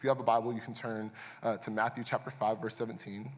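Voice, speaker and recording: Pastor preaching in a reverberant hall. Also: male voice, fairly low pitch, little pitch movement, fast. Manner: conversational preaching with rising, intense repetitions. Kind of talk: sermon. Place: church auditorium.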